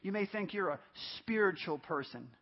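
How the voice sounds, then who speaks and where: Male pastor, 50s, high voice, emphatic repetitive preaching, dull lo-fi church recording. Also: lively intonation, moderate pace. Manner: emphatic, repeats phrases for stress. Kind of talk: sermon. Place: church service.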